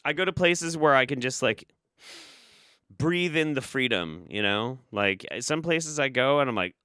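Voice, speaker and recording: A man's voice: mid-range voice, animated, unhurried, pushed and bright, clean tone, dry recording, studio quality. A man hosting a casual commentary show, sarcastic and rambling, swearing often. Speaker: host.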